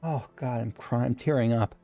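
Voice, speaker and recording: A man's voice: mid-range voice, fairly even intonation, normal speed, muffled recording, soft background music. A man casually commenting as he plays a video game, enthusiastic and rambling, often breaking off mid-sentence. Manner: enthusiastic, rambling, self-interrupting. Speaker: let's play host.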